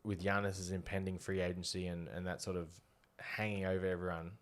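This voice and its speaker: A man's voice: low-pitched, flat delivery, brisk. An Australian man co-hosting a podcast, chatting casually about basketball and confidently making bold predictions. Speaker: podcast co-host. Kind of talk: casual sports chat.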